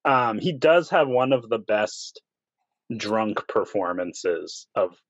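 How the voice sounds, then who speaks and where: A man casually ranking classic films with relaxed, wry asides. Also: fairly low pitch, slow, no room sound, highs cut off. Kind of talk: casual film discussion.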